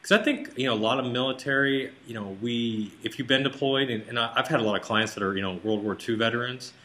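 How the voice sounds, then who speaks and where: A man hosting an interview over a call, relaxed and conversational. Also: medium pitch, fast talker. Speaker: host.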